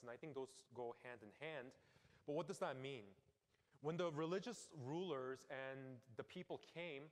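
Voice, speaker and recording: A man preaching a sermon as pastor, earnest and emphatic, dropping into quiet low asides. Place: church sanctuary. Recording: long hall reverb.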